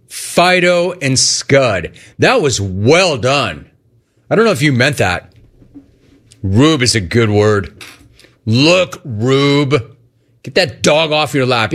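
A man's voice: mid-range voice, fairly bright tone. A man hosting a radio call-in show, brash and riffing, repeating his catchphrases as he takes callers. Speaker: radio talk show host. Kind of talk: sports talk radio, taking calls.

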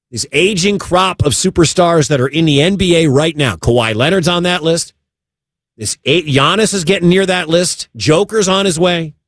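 A man's voice: on the high side, a bit bright, no echo, clean studio sound. A man hosting a sports talk radio show, talking emphatically and repeating his points for stress.

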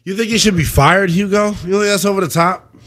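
A man's voice: sits high, steady tone, brisk, a bit bright. A young man hosting a sports talk radio show, brash and slangy as he takes calls. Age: young adult.

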